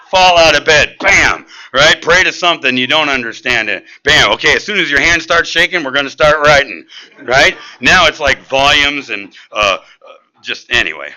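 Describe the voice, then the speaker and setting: A middle-aged man speaking at a recovery meeting, telling his own story in an animated, street-casual way. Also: on the high side, moderate pace, poor audio. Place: meeting room.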